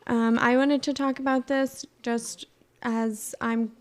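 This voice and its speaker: A young woman co-hosting a podcast, talking in a relaxed, chatty way with many fillers. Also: fairly high pitch, takes it slowly. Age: young adult. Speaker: podcast co-host. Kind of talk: casual chat.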